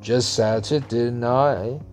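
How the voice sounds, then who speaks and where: A man voicing a weary old street beggar who answers in slow, clipped, grudging phrases. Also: mid-range voice, fairly even intonation, darkish tone, faint music behind, close to an everyday voice. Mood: gruff.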